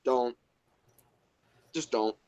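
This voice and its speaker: A man's voice: medium pitch, very slow, dark tone, smooth. A man co-hosting a casual movie review chat, talking bluntly, swearing and mocking the characters he dislikes. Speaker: podcast co-host.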